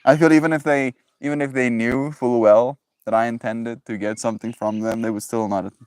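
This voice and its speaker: A man's voice: medium pitch, fairly even intonation, brisk, a little mellow, clear, resonant tone. A man hosting a daily livestream, chatting loosely with viewers and calling them bro. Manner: rambling, loose, talks to chat, says bro. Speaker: livestream host. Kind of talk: casual livestream chat.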